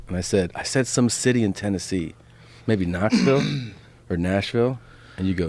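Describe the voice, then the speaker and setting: A man in casual conversation, telling a story in a relaxed way. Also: fairly low pitch, moderate pace, long pauses. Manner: reacting with laughter, then recounting a story. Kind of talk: casual chat. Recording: loud background noise.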